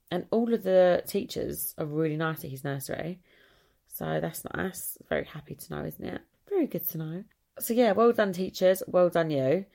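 A woman with an Essex accent chats on her own podcast in a rambling, friendly way and often acts out what other people say. Her voice sits a little low and has a strong gravelly fry. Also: darkish tone. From Essex, England. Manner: chatty, rambling, quick to quote others. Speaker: podcast host. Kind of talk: casual solo chat.

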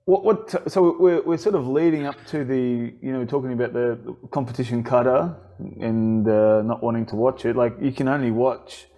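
A man's voice: medium pitch, steady tone, moderate pace, hardly any pauses, mellow. A man with an Australian accent hosting a podcast, telling stories in a rambling way with many restarts and fillers. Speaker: podcast host. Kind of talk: casual chat.

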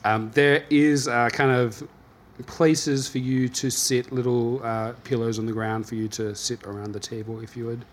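A man's voice: medium pitch, steady tone, normal speed, hardly any pauses. A man hosting and narrating a tabletop game casually, laughing often and using many fillers. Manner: loose, laughing, filler-heavy. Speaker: game master and host.

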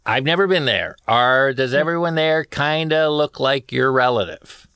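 A man's voice: medium pitch, moderate pace, bright, forceful tone, smooth, dry recording. A man co-hosting a comedy podcast from a studio, asking dry, teasing questions. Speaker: co-host. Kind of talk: deadpan comedy podcast banter. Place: studio in Burbank, California.

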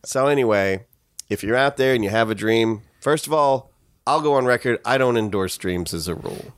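A man's voice: medium pitch, normal speed, no echo, studio quality. A man telling a profane comic story in a loose, crude, casual way. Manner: loose, crude, swearing, animated.

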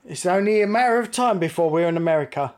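English man, podcast co-host, casual chat, jokey, animated voice. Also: sits high, fast. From England. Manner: chatty, jokey, laughs often.

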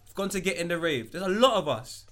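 A man's voice: high-pitched, lively intonation, quick pace, a bit bright. A man, co-hosting a podcast and telling stories in street slang. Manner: laid-back storytelling in street slang. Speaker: podcast co-host. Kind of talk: casual chat.

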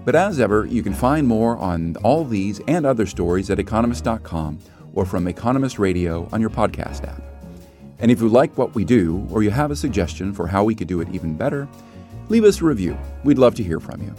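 A man's voice: fairly low pitch, sing-song, a little fast, mellow, soft background music. A male host presenting a news magazine podcast in a scripted way.

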